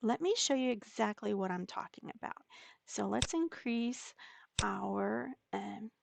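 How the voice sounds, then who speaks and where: Woman, unhurried, step-by-step tutorial narration, mid pitch. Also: gravelly, noisy background. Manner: slow, step-by-step explaining with fillers. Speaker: digital scrapbooking tutor. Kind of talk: screen-recorded software tutorial.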